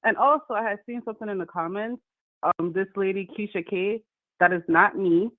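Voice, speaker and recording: A woman's voice: medium pitch, fairly quick, no room sound. Indignant Caribbean woman caller on a phone line. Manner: indignant, emphatic, repeats herself. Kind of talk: call-in radio chat.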